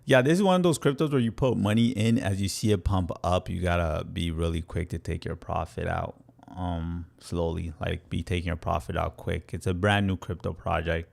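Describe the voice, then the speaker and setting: A young man with a low, gravelly voice chats energetically through a crypto livestream. He answers viewers directly in a playful, loose way. He has some grit on the low end. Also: normal speed. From Canada. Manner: energetic, chatty, playful with viewers, laughs often. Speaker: crypto educator hosting a livestream.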